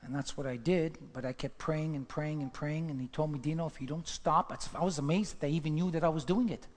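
A man's voice: fairly high pitch, fast talker, a little mellow. A man preaching a sermon, telling his testimony as a dramatic story and building to fervent emphasis. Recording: long reverb of a large hall.

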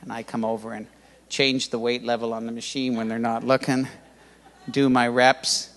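An older man preaching a sermon as pastor, lively and humorous, with sudden loud rises. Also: mid-range voice, normal speed. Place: church hall. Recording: church hall reverb.

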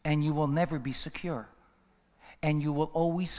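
A man preaching a sermon with passion, swinging from hushed asides to rising emphatic runs. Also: a little high, steady tone, moderate pace. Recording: reverberant hall.

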